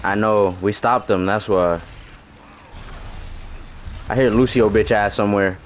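A man's voice: fairly low pitch, steady tone, measured pace, a little hiss or hum. A young man giving casual gameplay commentary, trash-talking loosely and rambling with restarts. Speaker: gaming streamer.

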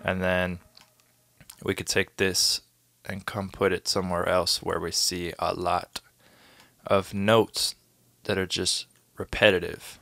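A man producing music and talking through a tutorial in a relaxed, casual way, sometimes vocalizing drum rhythms. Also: low-pitched, slow, creaky. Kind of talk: casual screen-recorded tutorial. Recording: music playing behind the voice. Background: beat music playing.

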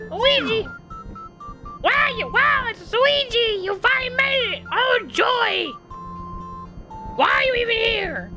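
A woman voicing a small male mushroom helper who is a whiny crybaby, sobbing and pleading in a high bleat over game music. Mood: wailing.

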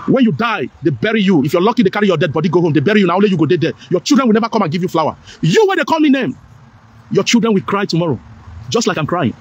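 Middle-aged Nigerian man, Pidgin-flavoured, high and fast, preachy and repetitive political rant. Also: big pitch swings, muffled recording, slight background noise. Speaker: political commentator. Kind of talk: impassioned monologue.

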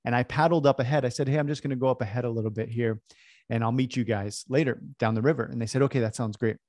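Animated man telling a story, dry sound. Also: medium pitch, fast, dry recording. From California. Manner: animated, self-deprecating storyteller. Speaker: speaker. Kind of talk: storytelling talk.

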